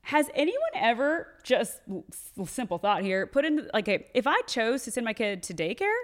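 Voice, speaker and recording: A woman's voice: fairly high pitch, sing-song, moderate pace. A woman in her thirties, a mother co-hosting a podcast, speaking candidly in casual chat. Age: 30s.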